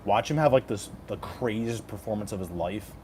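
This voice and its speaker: A man's voice: fairly low pitch, normal speed, darkish tone, a little hiss or hum. A man in his thirties streaming casually, joking and swearing as he reads chat aloud and talks over fight picks. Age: 30s.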